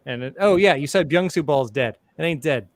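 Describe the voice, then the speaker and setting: A man's voice: on the high side, animated, brisk, no room sound. A man hosting a casual podcast, jokey and rambling, often breaking off mid-thought. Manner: jokey, rambling, self-interrupting. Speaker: podcast host.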